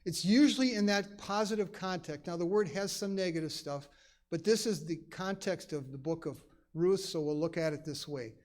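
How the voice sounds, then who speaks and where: A man's voice: on the high side, moderate pace, a little mellow. A man teaching a conversational Bible study in a church, emphatic and chatty, full of asides. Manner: emphatic, acts out quoted lines; chatty, many "you know" asides.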